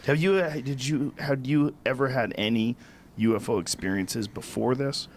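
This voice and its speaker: A man's voice: medium pitch, normal speed, slight background noise. A man hosting a podcast, talking casually and asking his guest follow-up questions. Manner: conversational, asks follow-up questions. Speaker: podcast host. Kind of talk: interview questions.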